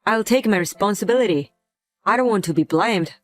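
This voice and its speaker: Cold mean husband, curt and contemptuous, woman reading him, mid pitch, dry sound. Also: fairly quick, dry recording, close to an everyday voice. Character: cold, resentful husband, adult man.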